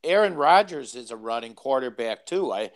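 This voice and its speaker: A man's voice: medium pitch, lively intonation, brisk. A man co-hosting a sports podcast in casual debate, stumbling and repeating words as he starts his points.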